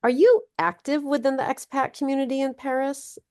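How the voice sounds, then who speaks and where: A woman interviewer asking her questions in an even, measured way. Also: high voice.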